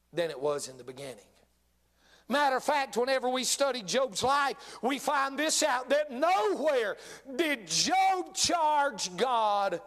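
A middle-aged man preaching a sermon, swinging between loud bursts and hushed, drawn-out words. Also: high voice. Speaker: pastor.

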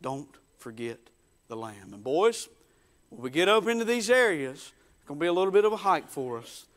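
A man preaching a dramatic storytelling sermon, folksy, swinging from hushed murmurs to loud bursts. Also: high-pitched, sing-song, fairly quick.

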